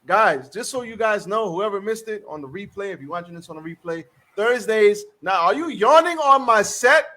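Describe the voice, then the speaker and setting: A man with a fairly high voice hosts a casual live-streamed podcast. He bounces between jokey banter with his co-host and quick shout-outs to viewers in the chat, getting loud when he teases. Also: animated.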